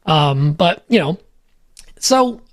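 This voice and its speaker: A high-voiced man, a native Polish speaker, reads sponsor spots on a podcast in an upbeat, joking way. He talks loosely, with plenty of fillers, and sounds dry and close to the mic. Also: very animated, slow pace, no room sound. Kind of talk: casual ad read on a podcast.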